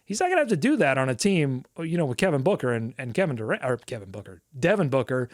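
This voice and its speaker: A man's voice: medium pitch, very animated, quick pace, no echo, clean studio sound. Chatty man co-hosting a sports podcast. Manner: talkative, many fillers and playful asides. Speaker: podcast co-host. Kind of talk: casual sports podcast chat.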